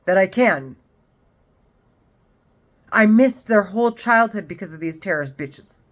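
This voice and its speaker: Lady in her 40s ranting straight to camera, fired up, swearing a lot, medium-pitched voice. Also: expressive, unhurried. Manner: heated, profane, repetitive rant. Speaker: vlogger. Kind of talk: unscripted monologue to camera.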